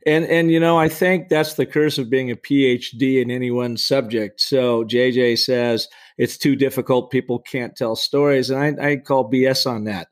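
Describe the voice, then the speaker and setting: Man, middle-aged, podcast guest, emphatic, persuasive, mid pitch. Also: steady tone, normal speed, hardly any pauses, clear, resonant tone. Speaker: storytelling coach and guest. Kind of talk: energetic podcast interview.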